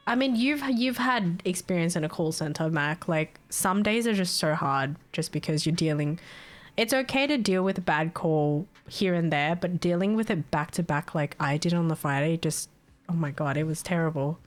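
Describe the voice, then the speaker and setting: A woman's voice: lowish voice, moderate pace, faint music behind. A young woman talks casually to her stream viewers at a desktop mic. She is chatty, swears freely and breaks into laughter often.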